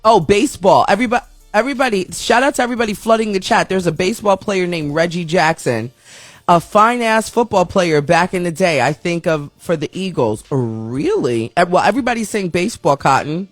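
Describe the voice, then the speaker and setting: A man's voice: high-pitched, lively intonation, fairly quick, no room sound, faint music behind. Chatty rambling male show host. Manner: rambling, chatty, reads viewer chat aloud. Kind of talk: casual live-stream chat.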